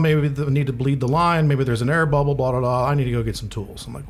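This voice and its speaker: A man's voice: medium pitch, steady tone, fast talker, slight background noise. An older man co-hosting a podcast, telling stories in a profane, ranting way, acting out the people in them. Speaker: podcast co-host. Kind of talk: casual chat.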